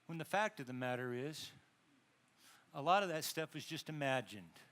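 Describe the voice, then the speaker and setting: High, bright-voiced preaching pastor. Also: male voice, animated, moderate pace. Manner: conversational preaching, asides and self-corrections; dramatizes quotes with rising emphasis. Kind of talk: sermon.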